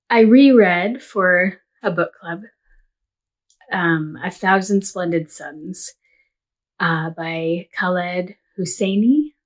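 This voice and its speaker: A woman in her thirties talks slowly and thoughtfully about her reading and crafts, filling gaps with soft ums and small laughs. She sometimes grows emotional and near tears, yet keeps a gentle, casual tone. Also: medium pitch. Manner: unhurried, reflective, with many ums and soft laughs. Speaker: vlogger, homeschool mom.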